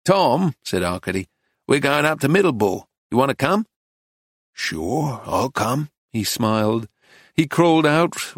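A man narrates a story at a measured, even pace, with a mid-range voice. The recording is dry and close-miked, with no room sound. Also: medium pitch, no echo. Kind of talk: audiobook narration.

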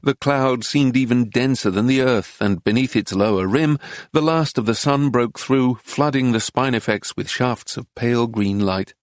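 A man's voice: medium pitch, dry recording. Man narrating an audiobook, dry sound. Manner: measured, even storytelling. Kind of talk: scripted narration.

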